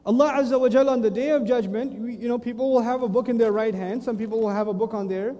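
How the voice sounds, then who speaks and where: Lecturer, male, high mellow voice, animated storyteller, echoey hall. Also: quick pace. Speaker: Islamic lecturer. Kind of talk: humorous religious lecture.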